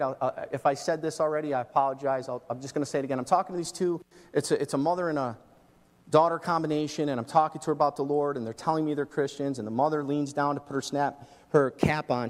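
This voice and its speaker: A middle-aged man preaching a sermon as pastor, emphatic, swinging between loud and soft. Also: a little high, steady tone, fast, in a large hall. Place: church.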